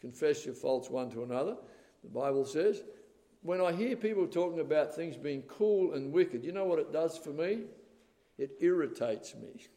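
Older male preacher, emphatic sermon delivery, slightly high voice, long church reverb. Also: lively intonation, normal speed. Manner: emphatic, rising to loud stresses, calls of "amen?". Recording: reverberant hall.

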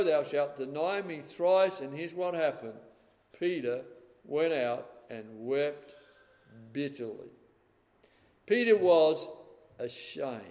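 A man preaching a sermon, swinging between loud dramatic passages and hushed, quiet ones. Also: fairly high pitch. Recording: long hall reverb.

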